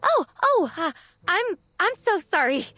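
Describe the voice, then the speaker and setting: A woman's voice: very high-pitched, big pitch swings, unhurried, bright, forceful tone, no echo, heavily acted. An actress voicing an earnest, eager young woman in a game. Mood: apologetic. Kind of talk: game voice acting.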